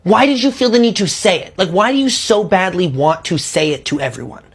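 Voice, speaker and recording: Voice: medium pitch, lively intonation, brisk, slightly rough. Casual profane commentator asking rhetorical questions.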